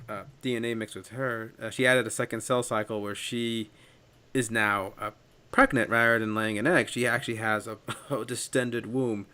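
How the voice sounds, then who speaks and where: A man in casual film discussion, chatty and quick to laugh as he retells scenes. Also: medium pitch, fairly bright tone.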